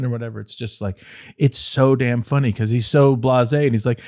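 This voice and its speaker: A middle-aged man in casual podcast chat, spinning loose anecdotes with lots of "you know" and "like" and breaking into laughter. His voice sits at an everyday middle pitch. The recording is close and dry. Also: fairly even intonation, fast, darkish tone, no echo. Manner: rambling anecdotes with frequent laughter and fillers. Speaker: podcast co-host, former wrestling insider.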